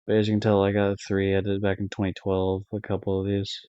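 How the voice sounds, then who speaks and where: A man's voice: lowish voice, completely flat delivery, fast talker, warm tone, clean tone, no room sound. A young man streaming live, rambling casually through game ratings with lots of fillers, swearing and self-corrections. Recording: dull lo-fi dry stream audio.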